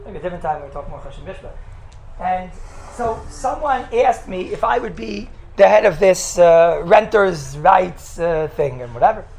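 A man who teaches in a yeshiva, telling stories in a lively talk and acting out the quotes. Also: sits high, moderate pace, creaky. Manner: animated, acts out the quotes in his stories. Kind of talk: storytelling talk. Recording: echoey room with faint background noise.

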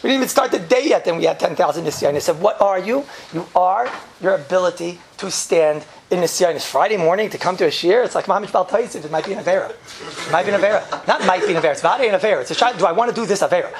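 A man's voice: high voice, lively intonation, fast talker, few pauses, a little hiss or hum. A man giving an informal class full of jokes and rhetorical questions, chuckling often. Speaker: yeshiva teacher giving a class.

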